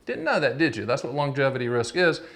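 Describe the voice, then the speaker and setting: A man's voice: medium pitch, big pitch swings, quick pace, a bit bright. A man in his fifties hosting his own annuity explainer video, chatty and joking, teasing his producer off camera and drifting into digressions. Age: 50s. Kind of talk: casual direct-to-camera explainer.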